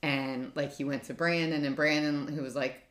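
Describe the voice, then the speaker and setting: Chatty low-voiced woman telling a story. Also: steady tone, moderate pace, a bit bright, roomy sound. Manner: chatty storyteller, many "like" fillers. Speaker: podcast co-host. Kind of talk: casual chat.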